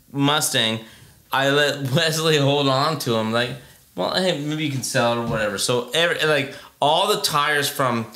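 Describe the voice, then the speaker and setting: A man's voice: medium pitch, bright, forceful tone. A man telling a story in casual podcast chat, profane and exasperated. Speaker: podcast guest. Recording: roomy echo.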